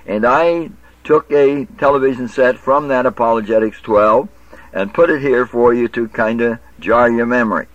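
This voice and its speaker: A man's voice: mid-range voice, moderate pace, dry recording. A man giving a Bible teaching lecture, reading verses aloud and explaining them in an instructive way. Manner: instructive, quotes scripture and corrects himself. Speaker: preacher. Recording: dull lo-fi audio.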